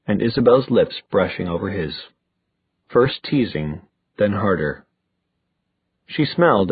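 A man narrates an audiobook in an expressive way, his pitch rising and falling freely. His voice is slightly husky, and the recording is dry and thin, like a phone line. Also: no echo.

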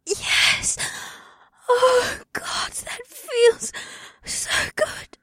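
A woman voicing a breathy, high elven wife. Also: steady tone, drawn-out words, sharp tone, no echo, exaggerated voice. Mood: breathless.

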